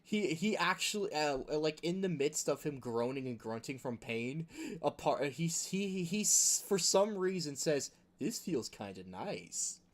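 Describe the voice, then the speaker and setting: With a slightly high, expressive voice at a measured pace, this gaming video host rants casually and rambles. He chuckles along the way and leans heavily on filler words.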